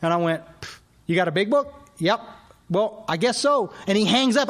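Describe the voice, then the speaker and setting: Man speaking at a recovery workshop, lively storyteller who voices the people in his story, slightly high voice. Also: fairly quick. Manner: animated storyteller, acts out dialogue. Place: workshop hall.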